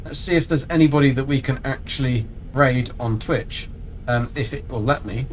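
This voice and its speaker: A man's voice: medium pitch, normal speed, slight background noise. A man chatting casually and rambling through a live game stream. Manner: chatty, rambling, self-mocking.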